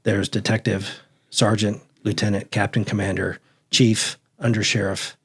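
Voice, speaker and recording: With a lowish, breathy-edged voice at normal speed, a middle-aged man who retired as a sheriff's detective spins casual anecdotes in an interview. He's lively, imitating the voices of whoever he's quoting.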